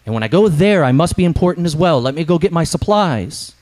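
A man's voice: on the high side, animated, brisk, a little mellow, voice pushed up, natural voice. A man voicing a proud, angry male ghost who was a painter, with a complaining, self-important manner. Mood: indignant.

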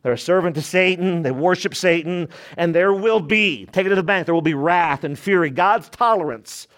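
A man, a pastor preaching a sermon, emphatic, moving between loud and hushed delivery and asking his congregation rhetorical questions. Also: high voice, moderate pace.

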